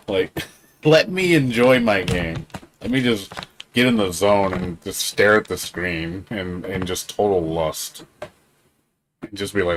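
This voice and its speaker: A man streaming games live, rambling excitably in casual chat, swearing freely and laughing often. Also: fairly low pitch, a little slow, a little hiss or hum. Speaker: game streamer.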